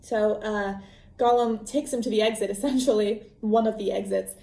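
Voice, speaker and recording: A woman's voice: mid-range voice, steady tone, normal speed, creaky, warm tone. A woman hosting a podcast, retelling a book's story in a chatty, rambling way full of fillers. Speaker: podcast host. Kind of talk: casual book recap. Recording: roomy echo.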